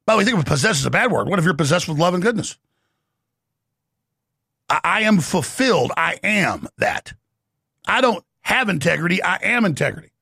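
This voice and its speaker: Gravelly, excitable ranting man. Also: high voice, dry recording, clean studio sound. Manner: excitable, shouting, rapid-fire. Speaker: talk show host. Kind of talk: ranting monologue.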